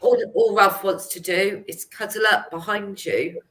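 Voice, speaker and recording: A woman's voice: medium pitch, a little slow, fairly bright tone, rough recording. A middle-aged woman in casual chat, telling stories about family pets and laughing as she goes. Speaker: guest healer.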